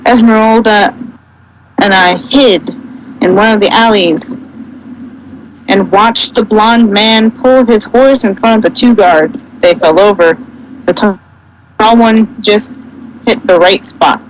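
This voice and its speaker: A woman's voice: mid-range voice, slow, long pauses, slight background noise, poor audio. A woman reading a fanfic aloud as a podcast co-host, casual and comedic, often stumbling and correcting herself.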